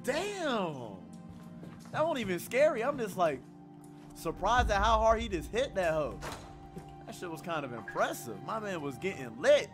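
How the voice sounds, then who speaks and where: A young male streamer with a high voice, talking through a horror game in loose, slangy, profane banter on a streaming mic. Loud game music plays behind him throughout. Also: very animated, moderate pace. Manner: loose slangy profane chatter, screams when scared. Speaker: gaming streamer. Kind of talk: casual game commentary.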